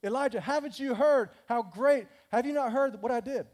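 A man voicing an anxious male servant who pleads and brags about his good deeds, in a higher, lively tone. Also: normal speed. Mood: boastful. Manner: whiny, pleading, bragging. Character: anxious, self-pitying boastful male servant.

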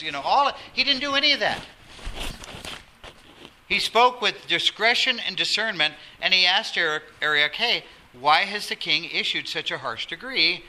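A man preaching a sermon as pastor, animated, acting out quotes and dropping to a soft voice for emphasis. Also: high voice, normal speed. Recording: noisy sermon recording.

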